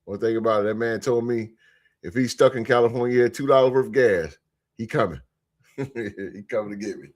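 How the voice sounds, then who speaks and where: A man hosting a sports podcast live, chatting casually with his live chat in a relaxed, repetitive way, speaking. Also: mid-range voice, normal speed. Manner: laid-back, repeats phrases, shouts out chat members.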